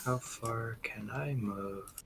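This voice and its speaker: A man's voice: mid-range voice, slow, creaky, heavy background noise. A man playing a tabletop game over voice chat, thinking aloud and sounding unsure of the rules. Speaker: player.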